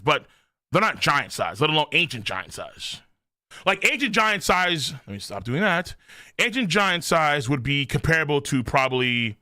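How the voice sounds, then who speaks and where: Male streamer, a bit high-pitched, excitable and profane live reaction commentary, dry close sound. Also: no echo. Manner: excitable, profane, thinks aloud.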